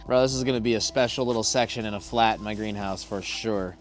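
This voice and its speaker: Excitable man unboxing plants, "dude" and "bro". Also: on the low side, quick pace, soft background music. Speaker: plant channel host. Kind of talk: casual unboxing vlog.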